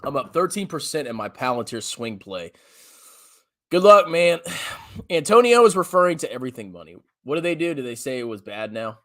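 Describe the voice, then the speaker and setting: A man hosting a personal finance channel, reading viewer comments aloud in an animated, slangy way and laughing often. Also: medium pitch, a little fast.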